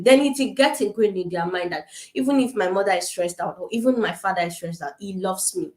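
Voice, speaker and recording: A woman's voice: medium pitch, brisk, few pauses, darkish tone, roomy sound. Earnest woman from Africa advising parents. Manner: earnest, repeats points, frequent fillers and restarts. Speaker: summit speaker on parenting. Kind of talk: casual online talk to parents. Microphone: webcam on a video call.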